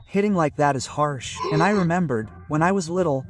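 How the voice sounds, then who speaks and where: A chatty young man talks through clips he is watching, stopping often to exclaim at them. His voice sits a little high for a man. He sounds a bit distant from the microphone. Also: brisk, music in the background. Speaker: video host reviewing clips. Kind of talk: reaction commentary.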